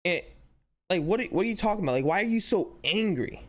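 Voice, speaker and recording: A man hosting a sports channel, giving casual, animated commentary with exasperated rhetorical questions and lots of "like". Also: sits high, fast. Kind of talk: casual commentary breaking down footage.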